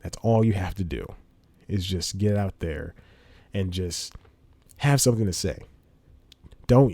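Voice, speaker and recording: Chatty low-voiced man podcast host. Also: animated, measured pace, long pauses, mellow, no room sound. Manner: rambling, laughs between phrases. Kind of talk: casual monologue. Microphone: studio microphone with headphones.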